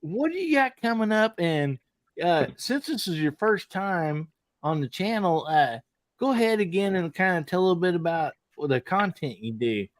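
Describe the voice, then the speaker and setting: A man's voice: high voice, lively intonation, normal speed, no room sound. A man hosting a casual live podcast, folksy and generous with praise for his guests. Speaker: podcast host.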